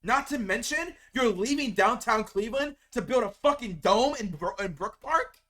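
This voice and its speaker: A man's voice: very high voice, lively intonation, normal speed, bright, forceful tone. A man ranting to camera as a sports fan, heated and venting, stumbling and repeating words as he gets upset. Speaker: sports video creator. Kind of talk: angry fan rant to camera.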